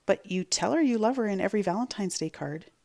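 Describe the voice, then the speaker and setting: A woman's voice: mid-range voice, creaky, pitched above the performer's own voice. A woman reading aloud and voicing a playful, teasing mother comforting her young son. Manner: teasing, quick-witted, lively.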